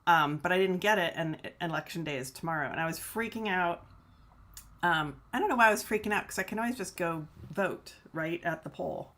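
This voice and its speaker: A woman from Michigan hosts a casual livestream from her laptop at home, chatting to her live audience in a rambling way, laughing often and swearing mildly. Her voice sits on the low side with a fairly bright tone and a slightly fast pace. The laptop camera's mic picks her up.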